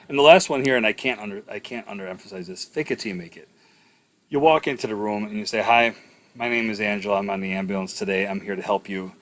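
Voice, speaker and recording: A man's voice: on the low side, fairly bright tone. A middle-aged man teaching EMS communication in a casual lecture, full of ums and uhs, with stories from the job. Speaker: EMS instructor.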